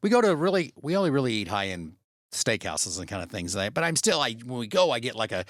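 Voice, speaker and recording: A man's voice: mid-range voice, big pitch swings, fast, fairly bright tone, no echo, clean studio sound. A middle-aged man co-hosting a podcast, telling a rambling, self-deprecating story with frequent laughs. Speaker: podcast co-host. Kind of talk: casual storytelling chat.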